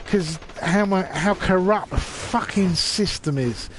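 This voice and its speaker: A high-pitched man with an English accent talks drunk, rambling from one point to the next and swearing hard as he rants. He is chatting casually on a live stream while gaming. Loud noise and passing vehicles sit under his voice. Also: takes it slowly. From England. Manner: rambling, profane ranting.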